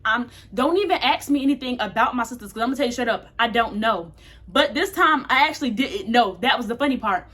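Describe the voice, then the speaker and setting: A woman's voice: fairly high pitch, expressive, brisk, a bit bright. A young woman casually telling a candid, slangy storytime to her camera. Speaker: vlogger.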